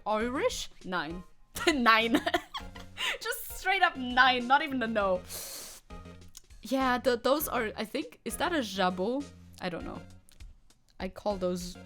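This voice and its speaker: A young woman streaming a game, chatting casually with her chat and laughing often. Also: fairly high pitch. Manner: giggly, chatty, quick to laugh. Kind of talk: casual gameplay commentary.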